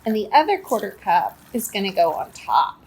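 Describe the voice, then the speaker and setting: A woman running a kids' cooking lesson and reading a children's story aloud with an expressive storyteller's delivery. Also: medium pitch, normal speed, a little hiss or hum. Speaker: cooking and reading teacher for kids.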